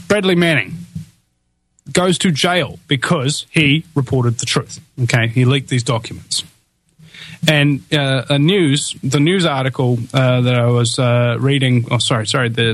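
A man's voice: medium pitch, dry recording. A man hosting a talk radio show, full of fillers and restarts, turning to emphatic, preaching delivery. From New Zealand. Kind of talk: impassioned political talk.

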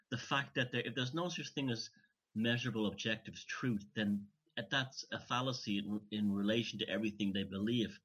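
A man in casual conversation, emphatic and opinionated, pausing and restarting as he thinks. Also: medium pitch, a bit bright, slightly rough. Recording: dull lo-fi recording.

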